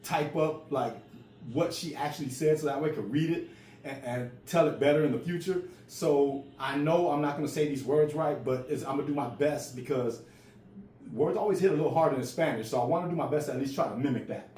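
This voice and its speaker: A man in his forties tells a story casually, stuttering and repeating words as he goes. His voice sits a little higher than most men's. The room adds some echo, with faint ambient noise behind him. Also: a little fast, mellow. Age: 40s.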